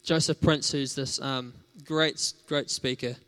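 A man's voice: medium pitch, steady tone, takes it slowly, fairly bright tone, clear, resonant tone. A man preaching a sermon in a conversational, storytelling way, with casual fillers.

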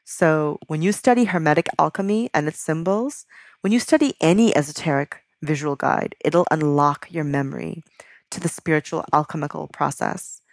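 A woman working as a spiritual teacher who leads a slow, soothing guided meditation and chants mantras. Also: deep voice, no echo.

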